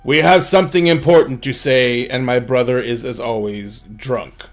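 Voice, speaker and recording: A man voicing a huge, armored old grandfather warrior who speaks sternly and slowly. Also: medium pitch, steady tone, pitched below the performer's own voice, natural voice. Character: gruff giant old male warrior grandpa.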